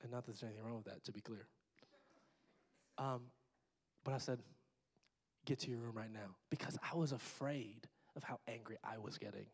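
Pastor preaching in a reverberant hall. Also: male voice, mid-range voice, fairly quick, vocal fry, pauses often, slightly rough. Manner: conversational, joking asides to the congregation. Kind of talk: sermon. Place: church sanctuary.

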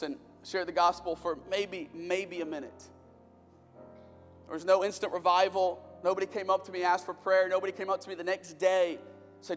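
High-voiced man preaching in a reverberant hall. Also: steady tone, fairly quick. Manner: impassioned, building in bursts then dropping low. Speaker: pastor. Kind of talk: sermon. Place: church auditorium. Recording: long reverb of a large hall with music.

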